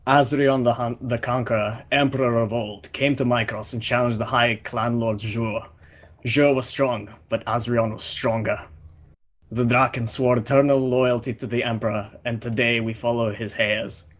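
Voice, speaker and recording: A man's voice: mid-range voice, fairly even intonation, normal speed, lightly acted. A savage, proud Draken warrior, played by a man speaks with a Russian accent. He boasts of slaughter and growls threats at anyone who doubts him. The voice comes through a gamer's voice chat headset. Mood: menacing.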